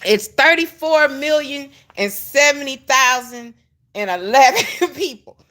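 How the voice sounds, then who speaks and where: High, bright-voiced woman chatting to viewers. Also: animated, measured pace. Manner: addresses viewers as y'all; breaks into fits of laughter. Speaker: online commentator. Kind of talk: casual livestream commentary.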